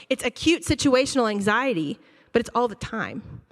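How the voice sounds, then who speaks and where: Animated woman in an echoing hall. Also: on the high side, normal speed. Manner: animated, acts out student reactions. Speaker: school counselor giving a church talk. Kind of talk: conversational presentation to an audience. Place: church auditorium. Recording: long hall reverb.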